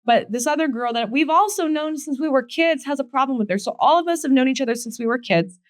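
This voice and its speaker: Animated, profane woman telling a story. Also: high-pitched, fast talker, dry recording, studio quality. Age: late 20s. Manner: animated, profane, quotes people in a raised voice. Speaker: podcast host. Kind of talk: casual storytelling.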